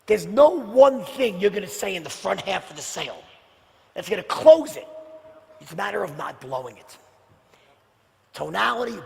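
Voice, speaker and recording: A man giving a live sales seminar, talking straight to the audience with rhetorical questions and swinging between loud bursts and hushed near-whispers. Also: high-pitched, gravelly, long reverb tail.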